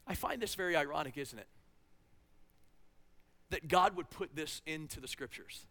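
A male pastor with a high, bright voice preaches with passion. He swings from loud, urgent lines to soft, hushed ones. The sound carries a long reverb, like a church hall. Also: lively intonation, normal speed, long pauses. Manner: impassioned preaching, shifting between loud and hushed. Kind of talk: sermon.

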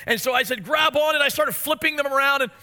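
A pastor in his forties with an extremely high voice talks fast as he preaches a sermon. He tells family stories in an animated way and asks the congregation questions.

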